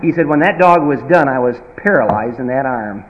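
A man preaching a sermon in an emphatic, folksy manner, swinging from loud bursts to quiet asides. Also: mid-range voice, animated, brisk. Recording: reverberant hall.

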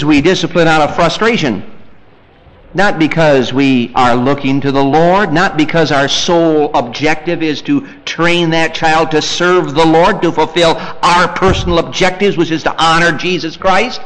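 A male preacher with a fairly high voice delivers a lively sermon. He shifts between loud, punchy bursts and hushed, low asides, and slips into quoted voices to act out family scenes. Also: moderate pace, poor audio.

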